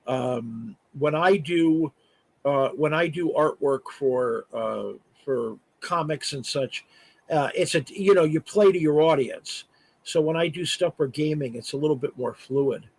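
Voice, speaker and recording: A man's voice: on the high side, husky, no room sound, rough recording. A man who works as an artist and voice actor, chatting casually as a guest on a live stream, full of "uh" fillers and restarts. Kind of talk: casual interview chat. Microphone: remote live stream call.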